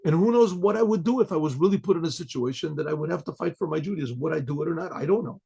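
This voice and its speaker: A man, a rabbi, teaching a Torah class in a conversational sermon style, often clearing his throat and translating Hebrew phrases as he goes. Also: fairly high pitch, rapid-fire, dark tone.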